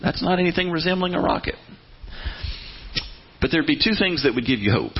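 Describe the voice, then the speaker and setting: A man delivers a folksy sermon, slipping into the voices of God and of struggling believers. His husky voice sits a little high and swoops widely as he speaks. The recording sounds dull and lo-fi. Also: animated, fairly quick, long pauses. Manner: folksy storytelling, acts out voices of God and churchgoers. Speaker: preacher.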